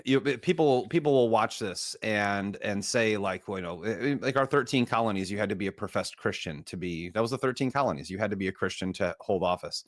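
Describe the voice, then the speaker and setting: Low-voiced male host, dry sound. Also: brisk, few pauses, no echo. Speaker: podcast host. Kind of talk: conversational interview.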